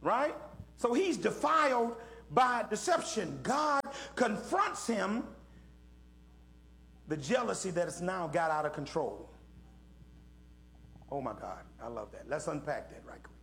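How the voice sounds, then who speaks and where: A man's voice: high-pitched, very animated, unhurried, vocal fry, pauses often, fairly bright tone. A middle-aged man leading an interactive Bible lesson for young people, asking questions and calling on listeners in a folksy preaching manner. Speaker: Bible study teacher.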